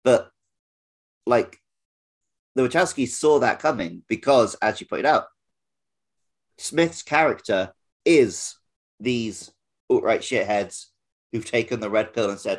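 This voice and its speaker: A man hosting a casual podcast discussion, making points in a relaxed way with frequent fillers. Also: medium pitch, takes it slowly, pauses often. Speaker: podcast host.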